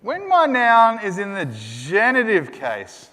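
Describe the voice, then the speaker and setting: The voice sits high and moves slowly, carrying the sound of a big room, as a man lectures on Greek grammar. Energetically, he puts his students through call-and-response drills that swell into shouts.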